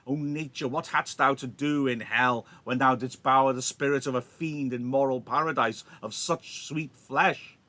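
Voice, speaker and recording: A male teacher reading the lines of a passionate, grief-torn young woman, declaiming verse with loud drama. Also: mid-range voice, fairly even intonation, moderate pace, few pauses, pitched above the performer's own voice, close to an everyday voice. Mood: outraged. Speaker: teacher reading a play aloud.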